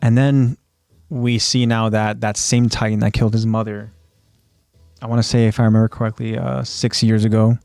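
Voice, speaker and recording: A man's voice: fairly low pitch, level tone, moderate pace, vocal fry, a little mellow, clean tone, no echo, faint music behind. A man co-hosting a casual podcast, retelling scenes step by step and then talking loosely about them. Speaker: podcast co-host. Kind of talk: casual podcast chat recapping an anime episode.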